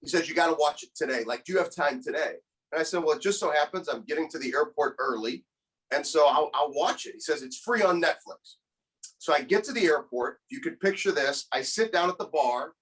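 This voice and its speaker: Speaking a little fast and in an animated way, this guest, a motivational speaker and coach in his thirties, shares a personal story with earnest emotion. His pitch is fairly high and a bit bright, and he tends to repeat words when starting a thought. It's a poor recording of conversational storytelling.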